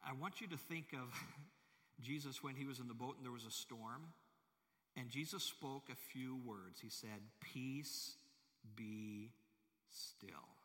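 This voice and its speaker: Bright-voiced preacher in a reverberant hall. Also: male voice, medium pitch, moderate pace. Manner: emphatic preaching with rhetorical questions. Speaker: pastor. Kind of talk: sermon.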